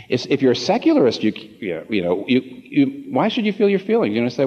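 A man preaching a sermon to a congregation, passionate, repeating phrases for emphasis and swinging from low asides to emphatic peaks. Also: very animated, fast, hardly any pauses. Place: large room before a congregation. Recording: long hall reverb, slightly muffled.

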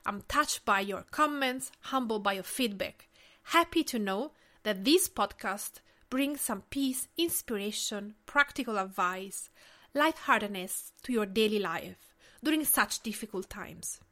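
A woman's voice: medium pitch, expressive, unhurried, fairly bright tone. A woman in her late thirties from Tuscany with an Italian accent, hosting her own podcast in a scripted, earnest and personal way. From Tuscany, Italy. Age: 30s. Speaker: podcast host.

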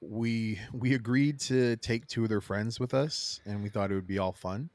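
A man co-hosting a podcast, rambling through animated stories and acting out what people said. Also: on the low side, moderate pace, no echo. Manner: rambling, animated storyteller who acts out quotes. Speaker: podcast co-host. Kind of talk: casual chat.

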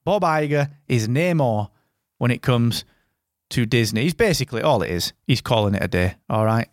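A man's voice: mid-range voice, animated, moderate pace, dry recording. A man hosting a casual podcast, chatty and rambling, with a close, dry sound. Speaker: podcast host. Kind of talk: casual chat.

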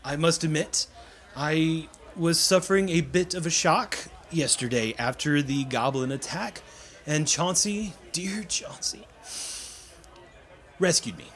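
A man voicing a polite young nobleman in a tabletop game, speaking in measured, formal phrases. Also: a little high, a bit bright. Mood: earnest.

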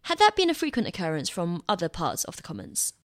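Lively woman podcast host. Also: fairly low pitch, quick pace, no echo, clean studio sound. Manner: clear, inquisitive, expressive intonation. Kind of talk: hosting a political podcast.

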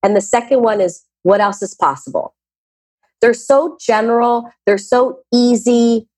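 A woman's voice: on the high side, measured pace, husky, no echo. A woman talking as a podcast guest who teaches, telling stories and acting out quoted questions in a casual chat. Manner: expressive storyteller, acts out quotes.

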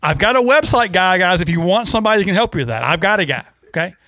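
A man co-hosting a casual fishing talk show, animated and rambling, with many restarts. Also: high-pitched, quick pace, no room sound, clean studio sound. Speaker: co-host.

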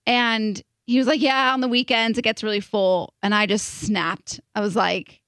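A young woman co-hosting a podcast, telling a story in an animated, casual way with lots of "like". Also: fairly high pitch, moderate pace, few pauses, no room sound, studio quality. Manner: animated, filler-heavy storytelling with "like". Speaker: podcast co-host.

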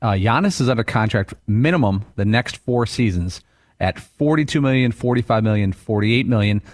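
Lower-voiced co-host reading contract numbers. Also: male voice, moderate pace. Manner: steady, informative. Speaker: radio show co-host. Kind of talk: matter-of-fact stat rundown.

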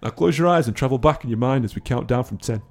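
A man voicing a calm hypnotist who talks a patient down into a trance, with reverb on the voice. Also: mid-range voice, fast talker. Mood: soothing.

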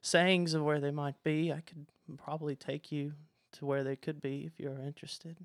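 A man's voice: on the high side, flat delivery, moderate pace, dry recording, pitched above the performer's own voice, lightly acted. A man voicing a meek, nervous young shop sweeper who stammers.

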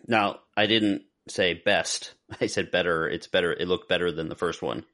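A man's voice: low-pitched, fairly even intonation, moderate pace, bright, forceful tone. A man co-hosting a podcast in casual chat, rambling a little and correcting himself as he goes. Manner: rambling, self-correcting, lists names. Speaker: podcast co-host.

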